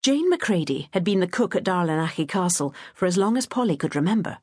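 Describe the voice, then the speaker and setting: A woman reads a novel aloud in a gentle, measured way. Her voice sits a little low with a husky edge. The recording is dry and close, with no room sound. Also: expressive, no room sound. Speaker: audiobook narrator. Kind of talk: scripted narration.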